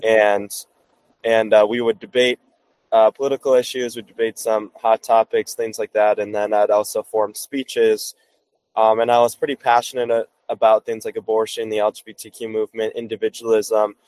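A man's voice: on the low side, level tone, normal speed, darkish tone, no echo, rough recording. A young man guest answering a question hesitantly, with many fillers. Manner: hesitant, filler-heavy, modest.

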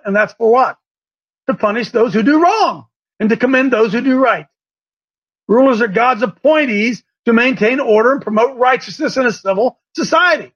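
Very high-voiced fiery male preacher. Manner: impassioned, swinging between shouting and hushed asides. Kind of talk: fiery sermon. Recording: dull lo-fi recording.

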